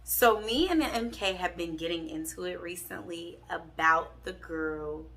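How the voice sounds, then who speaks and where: A young woman from Pittsburgh tells a storytime vlog with candid, sassy energy, talking straight to her viewers. Her voice has a bright, forceful edge with a gravelly fry underneath. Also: fairly low pitch, measured pace. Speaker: vlogger.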